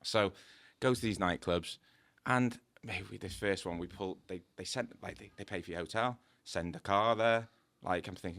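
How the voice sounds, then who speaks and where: A man's voice: sits low, moderate pace, creaky, no room sound. A middle-aged man, a podcast guest telling casual anecdotes, acting out the dialogue and laughing often. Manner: lively storyteller, acts out dialogue, laughs often. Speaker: guest, tattoo artist.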